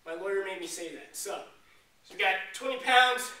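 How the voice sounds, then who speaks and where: A man working as a fitness trainer, demonstrating a workout in an energetic coaching way with jokes. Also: high-pitched, moderate pace. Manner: energetic, joking coach talk while exercising. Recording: echoey room, distant mic, faint noise.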